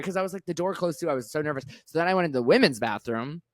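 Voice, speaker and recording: A young man co-hosting a podcast, telling a comedic story in an animated, laughing way that swoops high when excited. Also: fast, hardly any pauses, no echo, studio quality. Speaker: podcast co-host.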